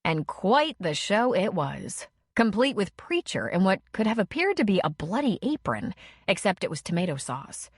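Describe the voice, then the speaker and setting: A woman narrating an audiobook in a measured, expressive storytelling manner. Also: mid-range voice, husky, no echo, studio quality.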